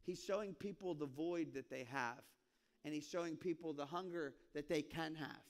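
A man preaching a sermon as pastor, telling stories in an animated way and acting out voices with sudden high squeaks. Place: church sanctuary.

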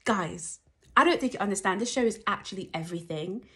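A young woman gushing through a trailer reaction, talking animatedly and breaking into squeals and shouts. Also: medium pitch, brisk. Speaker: YouTube reaction vlogger. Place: at home at night.

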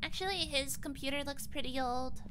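A woman's voice: sits high, normal speed, noisy background. A woman streaming a game with friends, joking around in casual chat and sometimes dropping to a murmur. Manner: playful, jokey, sometimes drops to a murmur.

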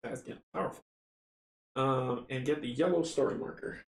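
A chatty, excitable man runs a board game session, counting rolls aloud and reading out story text. His pitch sits in a middle range. The room sounds echoey, with a faint hiss in the background. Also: moderate pace, creaky. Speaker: tabletop game runner and player. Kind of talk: casual board game playthrough. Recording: roomy echo, faint noise.

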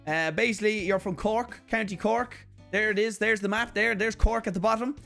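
A man's voice: high voice, fairly even intonation, fairly quick, gravelly, few pauses, a bit bright, faint music behind. An Irish man hosting a casual mail-opening vlog, crude and joking, with lots of swearing. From Ireland. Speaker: YouTube host.

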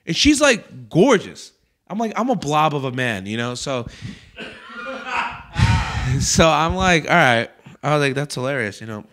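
This comedian host speaks a little high and a little slow, leaving long pauses. On his comedy podcast, he tells a casual, profane story with animation and acts out other people's quotes.

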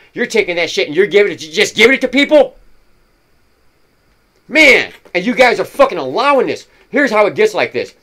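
A man with a fairly high voice rants furiously into the camera. He swears constantly and jabs at his audience in a hectoring tone. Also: a bit bright. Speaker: vlogger. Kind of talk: angry political rant to camera.

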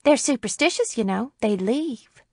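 A woman's voice: on the high side, lively intonation, normal speed, mellow, no room sound, studio quality. A woman reading the part of a timid sheriff's wife in a story, speaking hesitantly and in a shrinking way. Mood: guarded.

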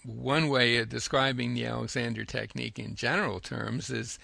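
Male interviewer with a very gravelly, bright voice; measured, sums things up. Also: mid-range voice, fairly even intonation, dry recording. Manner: measured, summarizing, hesitant. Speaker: interview host. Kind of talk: conversational interview.

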